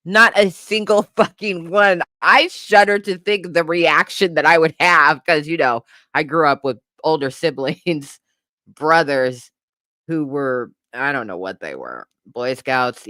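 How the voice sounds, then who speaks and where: A woman co-hosting a podcast, ranting in a profane, animated way and laughing often. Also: low voice, a little slow, dry recording, clean studio sound. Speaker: podcast co-host. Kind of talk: casual comedic commentary.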